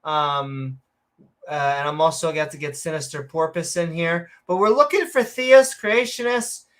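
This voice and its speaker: A woman's voice: low-pitched, measured pace. A woman hosting a casual livestream chat, bubbly and rambling, laughing often. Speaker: host.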